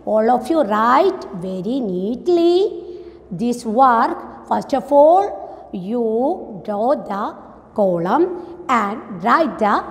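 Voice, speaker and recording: A woman teacher with an Indian English accent reciting a nursery rhyme slowly and asking simple coaxing questions to young pupils. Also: a little high, long reverb tail. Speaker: primary school English teacher. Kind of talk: sing-song rhyme recitation and class instruction.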